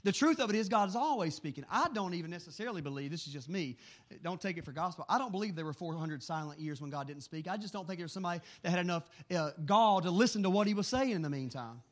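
A man preaching and telling stories in an earnest, animated way, often repeating words as he goes. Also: sits high, fast talker. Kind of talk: storytelling sermon.

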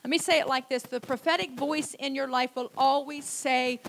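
A middle-aged woman with a high voice preaches a sermon. She tells it like a chat with the congregation, dropping in "you know" often. She slows down and repeats key phrases to drive them home. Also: fairly even intonation, fairly bright tone. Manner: conversational storytelling with frequent "you know".

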